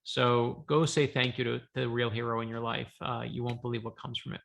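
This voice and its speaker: A man, an author, telling a lively story on a video call from his home office, acting out the dialogue. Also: mid-range voice, brisk, vocal fry. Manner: lively anecdotal, acts out dialogue. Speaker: author guest. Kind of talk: animated storytelling.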